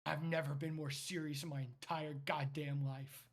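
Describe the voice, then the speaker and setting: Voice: mid-range voice, flat delivery, normal speed, close to an everyday voice. A game master voicing a stern, blustering male captain of a hero team, firing off baffled questions.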